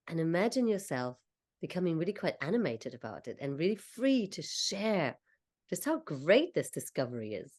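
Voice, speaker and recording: A woman coach leading a slow, soothing guided visualization, talking the listener through each step. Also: low voice, darkish tone. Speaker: confidence coach.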